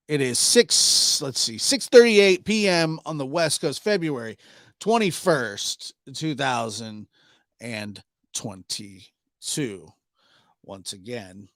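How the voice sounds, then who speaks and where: A man hosting a live stream in a relaxed, chatty way, greeting viewers and reading out where they are tuning in from. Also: medium pitch, no room sound, clean studio sound. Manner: relaxed, chatty, reads out viewer names and places. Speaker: livestream host. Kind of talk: casual live-stream chat. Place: home studio in the Pacific Northwest.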